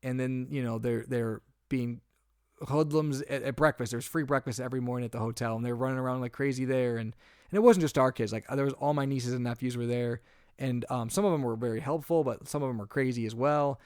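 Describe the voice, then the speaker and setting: A young man co-hosting a podcast in casual chat, recounting a story with rising, exasperated energy. His mid-pitched voice sits close and dry on the mic, with no room sound around it. He talks in loose, rambling runs, full of restarts. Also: fairly quick, clear, resonant tone, no echo. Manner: animated storytelling, gets louder and higher when exasperated. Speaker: podcast co-host.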